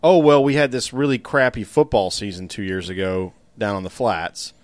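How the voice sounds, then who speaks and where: A man co-hosting a casual sports podcast who speaks in a reflective, unhurried way, often pausing on fillers. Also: on the low side, steady tone. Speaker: podcast co-host. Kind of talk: casual chat.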